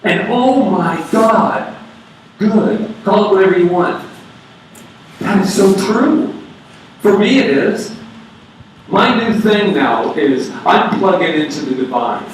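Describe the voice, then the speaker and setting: A man's voice: high voice, slow pace, pauses often, distant mic, slight background noise. A man preaching in a very echoey hall. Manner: animated, conversational preaching with playful asides. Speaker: minister. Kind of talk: sermon. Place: church sanctuary.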